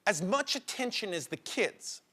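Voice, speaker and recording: High-voiced man joking on a talk show. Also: moderate pace. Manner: self-mocking, laughing, animated. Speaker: talk show guest host. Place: television studio. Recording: studio audience and noisy broadcast audio.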